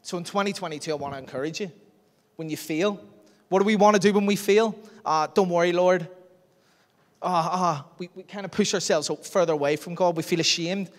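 A man's voice: high voice, brisk. A man preaching a sermon in a chatty, self-deprecating way, laughing often. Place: church hall. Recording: long hall reverb.

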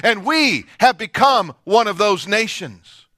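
A man preaching a sermon in a high, ringing voice. He moves between forceful declarations and soft, hushed passages. The sound is dry and close. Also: animated, takes it slowly, dry recording. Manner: preaching with dramatic swings from loud to hushed. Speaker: pastor.

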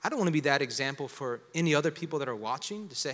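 A man in his thirties, a pastor preaching a sermon, talking conversationally and building to loud exclamations. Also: a little high, rapid-fire, hardly any pauses, in a large hall. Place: church sanctuary with long reverb.

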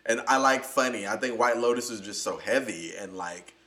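A man co-hosting a podcast in casual chat, expressive and gushing about a show. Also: medium pitch, normal speed. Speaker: podcast co-host.

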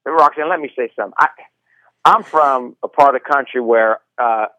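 A man speaking as a guest on a radio interview, animated and quick with jokes and asides. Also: medium pitch, poor audio.

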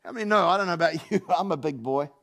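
A man preaching a sermon as pastor, animated, acting out Bible figures and joking with the congregation. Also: fairly high pitch, very fast, slight background noise. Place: church hall.

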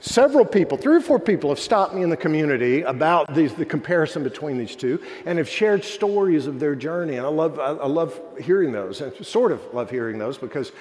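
A fairly high-voiced man preaches a sermon as pastor. He tells stories earnestly and dips his voice low for the people he quotes. His words ring out with a long reverb, as in a church sanctuary. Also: animated, brisk, hardly any pauses, darkish tone.

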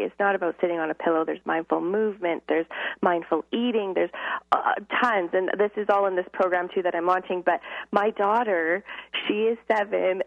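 A woman's voice: mid-range voice, creaky, no echo. A middle-aged woman teacher as a podcast guest, explaining in an earnest, casual way over a phone line. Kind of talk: casual interview chat.

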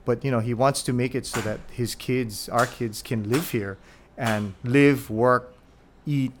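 A man hosting a podcast in Hawaii, introducing his guest in a casual, rambling way and acting out quotes with lively energy. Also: mid-range voice, unhurried, background noise. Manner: rambling, animated retelling with acted-out quotes. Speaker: podcast host.

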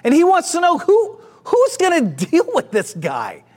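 Man, pastor, sermon, very high voice, exclamatory, call-and-response. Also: huge pitch swings, unhurried, a little mellow.

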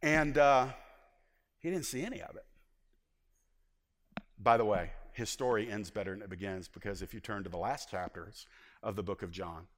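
A man preaching a sermon as pastor, swinging from shouted points to hushed asides and acting out the voices he quotes. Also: on the low side, normal speed, pauses often, long reverb tail.

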